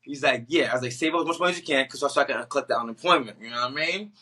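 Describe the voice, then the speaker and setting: A young man from the Boston area, a guest on a podcast, telling his story in a casual, animated way, acting out the people he quotes and mixing in slang. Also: mid-range voice, very fast. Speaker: guest, actor.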